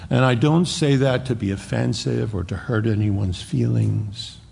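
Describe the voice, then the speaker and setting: A man preaching a sermon in a husky, gravelly voice of middling pitch. He speaks earnestly, leaning hard on key words and slowing down to stress them. The sound carries a long reverb, as from a large church hall. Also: darkish tone. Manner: earnest, emphatic preaching with repeated words and slow, stressed phrases. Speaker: pastor.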